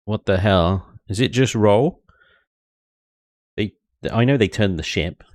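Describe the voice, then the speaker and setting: A man's voice: on the low side, slow pace, a little mellow, dry recording, clean studio sound. A man streaming a space game, thinking aloud, chuckling often and chatting with his viewers. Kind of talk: casual live-stream chat while building in a game.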